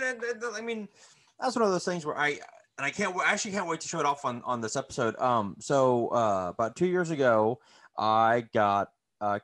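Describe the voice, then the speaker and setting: A man co-hosting a casual collectibles chat, enthusiastic and prone to halting restarts. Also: a little high, fairly bright tone. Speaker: podcast co-host.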